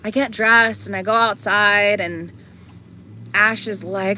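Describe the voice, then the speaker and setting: Young woman vlogger, slow and bright, chatty and meandering, speaking from inside a van. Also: medium pitch, slight background noise. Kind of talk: casual rambling storytelling.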